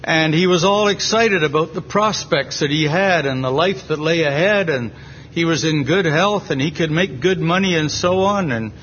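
A North American man expounding a Bible passage in an earnest, deliberate way with pauses, in a dull lo-fi meeting recording. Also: fairly high pitch, a bit bright, a little hiss or hum. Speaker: preacher at a Bible reading. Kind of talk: slow, measured Bible exposition.

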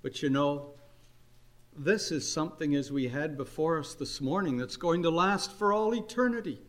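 An older man preaching a sermon, earnest and unhurried, his voice climbing on emphatic questions. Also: on the high side, a bit bright. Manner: earnest, slow exhortation with rising emphatic questions.

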